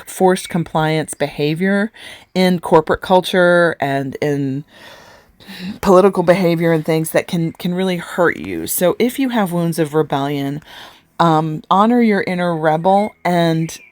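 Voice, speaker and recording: A woman's voice: on the low side, unhurried, dry recording. A woman life coach giving an earnest live coaching talk, asking many rhetorical questions and getting emotional.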